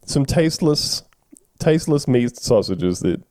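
A man's voice: medium pitch, lively intonation, a little slow, a little mellow, dry recording, clean studio sound. A man with an Australian accent, co-hosting a podcast in a laid-back, rambling, sweary way. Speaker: podcast co-host. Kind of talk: casual chat.

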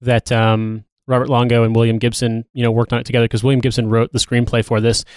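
Fast-talking blunt man on a podcast. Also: medium pitch, monotone, darkish tone, clear, resonant tone, no echo, studio quality. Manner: blunt, swears freely. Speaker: podcast co-host. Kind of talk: casual film-review chat.

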